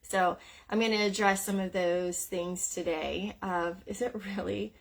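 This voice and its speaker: A woman's voice: fairly low pitch, steady tone, measured pace, creaky. A woman coach hosting a casual live stream, candid and a little emotional after crying, with frequent fillers. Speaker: eating psychology coach.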